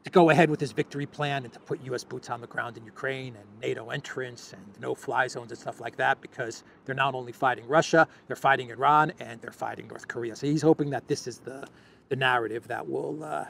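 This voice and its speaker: Gravelly sarcastic male news commentator. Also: mid-range voice, fairly even intonation, a little fast, a bit bright, a little hiss or hum. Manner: sarcastic, scoffing, restarts his phrases often. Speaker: host.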